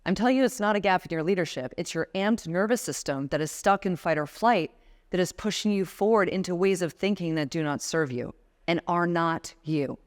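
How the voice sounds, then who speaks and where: Woman, 40s, motivational speaker at a live conference, smooth clear voice, coaching the room through exercises. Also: fairly low pitch, fairly quick. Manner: coaching, guides the audience through breathing exercises. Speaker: guest speaker. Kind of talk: motivational talk to a live audience. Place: conference room before a seated audience.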